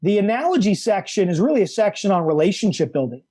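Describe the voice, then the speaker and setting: A middle-aged man, a coach and author, explaining ideas with animated emphasis, repeating key words for effect. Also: sits high, fast talker, breathy edge. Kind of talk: enthusiastic explanatory conversation.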